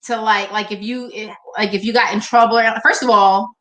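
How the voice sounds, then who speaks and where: A woman co-hosting a casual talk show, animated and teasing. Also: medium pitch, normal speed, roomy sound. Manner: animated, teasing, talks over her partner. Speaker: co-host. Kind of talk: casual chat.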